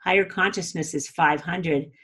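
A woman's voice: fairly low pitch, fairly even intonation, moderate pace, bright, forceful tone, breathy edge. A woman in a casual spiritual teaching talk, chatty, often laughing and saying "you know" and "like".

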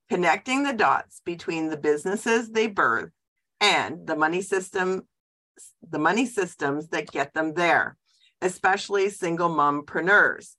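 A woman with a slightly low voice hosts a casual podcast interview. She talks conversationally, with plenty of "uh" fillers and self-corrections. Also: lively intonation, measured pace, sharp tone. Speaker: podcast host.

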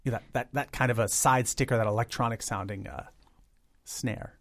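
Middle-aged male guest, animated and chatty, mid pitch, quick to demo sounds vocally. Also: music in the background. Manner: animated, imitates instruments with his voice; chatty, many "like" fillers. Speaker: guest, a cappella arranger. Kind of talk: interview conversation.

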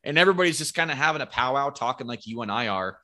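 A man telling hunting stories as a guest in a casual podcast interview, animated and rambling, with free swearing. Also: mid-range voice, very fast. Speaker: podcast guest, bow hunter.

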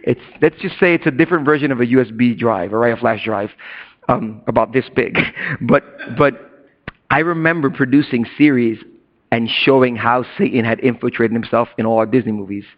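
Male pastor, middle-aged, sermon, conversational, loud-to-hushed swings, muffled lo-fi sound. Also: mid-range voice, normal speed. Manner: casual slang and asides to the congregation. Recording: dull lo-fi recording.

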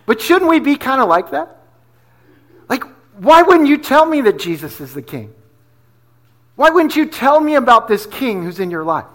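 A man's voice: very high-pitched, lively intonation, normal speed, bright, forceful tone. A middle-aged man from New Jersey preaching a sermon in a conversational, storytelling way, often asking "right?". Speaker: pastor.

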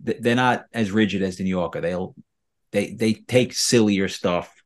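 Male host, casual interviewer, slightly low pitch, relaxed with restarts. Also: moderate pace. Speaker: podcast host.

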